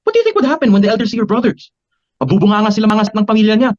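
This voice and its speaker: A man's voice: mid-range voice, no room sound, natural voice. A young man with a Filipino accent, playing a husband who argues defensively over a family call. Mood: arguing. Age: young adult. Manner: heated, fast, defensive. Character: young man fighting with his in-laws. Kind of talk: student film acting. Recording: dull lo-fi sound.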